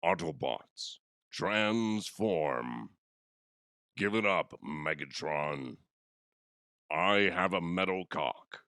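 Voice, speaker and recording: A heroic robot commander, put on by a man, speaking slowly and solemnly. The voice drops low and booms with gravity. Each word is drawn out. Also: animated, bright, forceful tone, no room sound, studio quality, heavily acted. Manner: slow, booming, solemn. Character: deep heroic robot leader, male.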